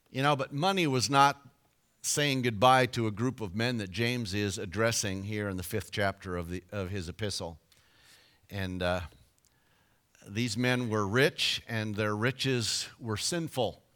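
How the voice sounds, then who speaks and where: A man preaching a sermon, telling a joke story with big swings in volume and slow, emphatic scripture reading. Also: a bit bright. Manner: dynamic storytelling with sudden shifts of volume and pitch.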